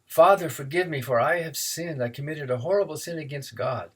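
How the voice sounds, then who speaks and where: A man's voice: fairly high pitch, a little fast, fairly bright tone, breathy edge. A man voicing a nervous teenage boy confessing to a priest, anxious and evasive. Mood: pleading.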